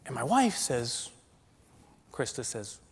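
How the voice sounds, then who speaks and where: A male keynote speaker telling a dramatic personal story to a live audience, swinging from loud and animated to hushed and slow. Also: mid-range voice, gravelly, breathy edge. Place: large conference hall. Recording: long hall reverb.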